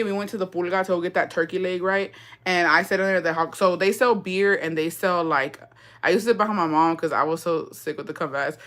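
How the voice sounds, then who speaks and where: A woman's voice: lowish voice, a bit bright. A young woman hosting a livestream, telling a story in a slangy, profane, chatty rant and reading out viewer comments. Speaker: livestream host.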